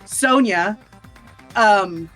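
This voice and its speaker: A woman streaming a video game, chatting casually with a co-host and tossing out quick asides. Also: mid-range voice, fairly bright tone, soft background music. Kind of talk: casual gaming banter.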